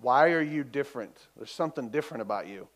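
A man's voice: mid-range voice, lively intonation, fast talker, close to an everyday voice. A man quoting a crude, blunt young male coworker in casual slang during a sermon story.

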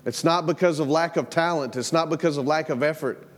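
The pastor, a middle-aged man, speaks brisk and on the high side as he preaches in the sanctuary. His sermon feels conversational, full of repeated words and stories from his family life, and the sound echoes with long church-hall reverb.

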